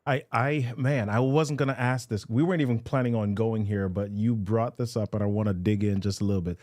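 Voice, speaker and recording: A man with a fairly low voice hosts a podcast, posing questions with curiosity and interest. His sound is dry and close, with little room around it. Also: fairly even intonation, a little fast, a little mellow, no echo. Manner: curious, engaged listener. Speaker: podcast host. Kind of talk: conversational interview.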